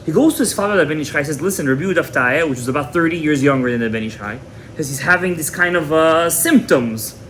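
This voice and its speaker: A man's voice: fairly high pitch, expressive, fast talker, fairly bright tone, slight background noise. A man teaching a Torah class as a rabbi, retelling a story dramatically, repeating words and mixing in Hebrew terms. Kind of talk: animated storytelling lecture.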